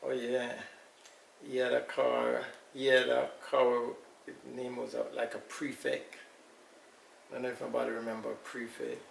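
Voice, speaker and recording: An older man with a Jamaican accent, recalling his family's past in an unhurried, storytelling way during an interview. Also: medium pitch, completely flat delivery, creaky. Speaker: elder being interviewed. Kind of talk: casual recollection. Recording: echoey room, far from mic, faint noise.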